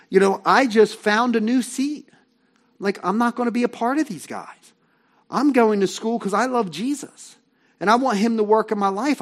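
A male pastor delivering a sermon in a relaxed, storytelling way. His voice sits high for a man, and he keeps turning to the congregation with quick asides and questions.

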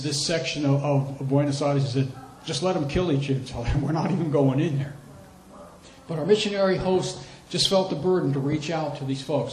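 Animated preacher man in echoey room. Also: on the high side, a little hiss or hum. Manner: animated storytelling, repeats phrases for emphasis. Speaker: missionary preacher. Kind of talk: sermon with storytelling.

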